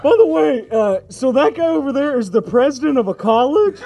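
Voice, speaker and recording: A man voicing a joking talking horse on a radio comedy bit, with a gravelly voice and laughing asides. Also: extremely high pitch, expressive, brisk, mellow, highs cut off, heavily acted. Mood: wisecracking.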